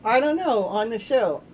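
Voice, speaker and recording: A woman's voice: on the high side, animated, a little slow, a little mellow, a little hiss or hum, low-quality recording. A woman hosting a live tarot stream, chatting casually in a giggly, playful, rambling way. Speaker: live tarot reader and show host.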